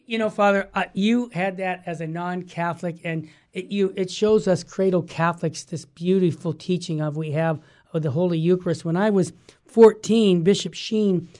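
A man's voice: sits high, fairly even intonation, normal speed, a little mellow. A middle-aged male radio host in casual conversation with a guest. He talks with eager, emphatic energy and pushes hard on key words, with an easy laugh breaking in between points. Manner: enthusiastic, emphatic, laughs often.

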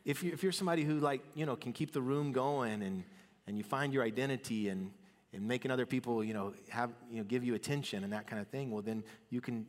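A man preaching a sermon in a relaxed, talky way, dropping almost to a hush and then lifting his voice again. His voice carries a long reverb from a big sanctuary. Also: fairly low pitch. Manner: conversational, swings between soft and loud. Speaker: pastor.

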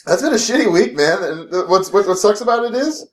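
A young man co-hosting a loose podcast chat, telling stories with lots of swearing and laughter. His voice sits a bit high and bounces all over the place. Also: brisk. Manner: animated storyteller, swears a lot, laughs often. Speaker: podcast co-host.

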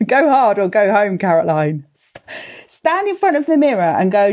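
Her voice is medium-pitched and darkish, swinging widely in pitch at a moderate pace. In her thirties or forties, she hosts a live parenting workshop, chatting, laughing, sighing, and replying to viewers by name as she reads their comments.

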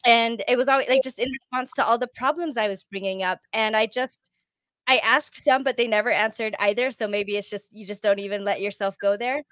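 A woman's voice: a little high, steady tone, brisk, fairly bright tone, no room sound. Candid woman in a dry, close recording. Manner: candid, reflective, searching for words. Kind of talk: casual podcast discussion.

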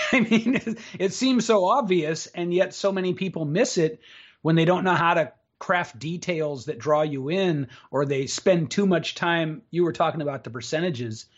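A man who is a speaking coach, guesting on a podcast over a remote call, telling stories in a confident, animated way. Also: fairly high pitch, moderate pace, highs cut off. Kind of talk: casual interview storytelling. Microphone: remote call setup.

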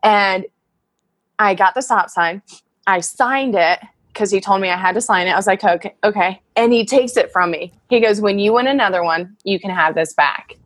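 A woman's voice: mid-range voice, moderate pace, fairly bright tone, dry recording. A woman in her thirties telling personal stories in a casual interview, emotional and full of fillers and laughter. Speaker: guest, wrestler.

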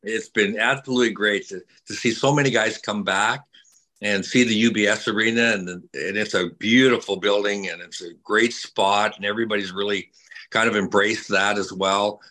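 Older guy telling hockey stories, kinda low voice, repeats himself a lot. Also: steady tone, moderate pace, low-quality recording. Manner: warm storyteller, repeats words, many fillers. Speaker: retired hockey player, guest. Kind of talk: casual chat with fans.

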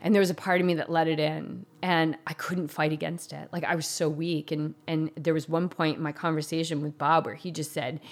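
A woman's voice: deep voice, fairly even intonation, a little fast, hardly any pauses. A woman telling a painful personal story in an intense, confessional way, saying "like" often. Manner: intense, confessional, heavy use of "like".

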